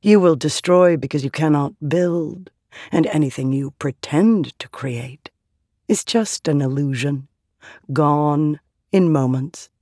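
Coaxing shadow spirit, cold and menacing, a narrator doing it low and slow, dry sound. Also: dark tone, dry recording. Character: shadowy dark double of a woman, cold and menacing.

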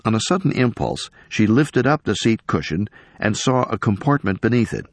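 A man reading a story aloud in measured scripted narration. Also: lowish voice, sing-song, no echo. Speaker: audiobook narrator.

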